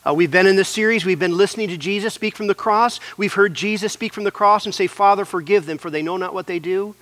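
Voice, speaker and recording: A man preaching a sermon as pastor, in an earnest, measured way with repeated phrases. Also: sits high, fairly bright tone, dry recording.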